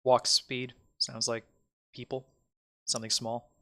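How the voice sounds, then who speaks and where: A man's voice: medium pitch, level tone, a little slow, sharp tone. A man narrating as game master in a tabletop game, casual and rambling, with many fillers.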